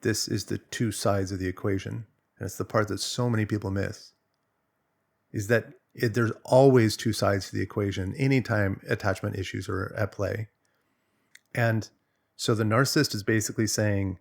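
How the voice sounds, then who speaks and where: Low gravelly man, casual coach talk. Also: fairly quick. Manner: conversational, loose, animated storytelling. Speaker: relationship coach. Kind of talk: casual explanatory monologue.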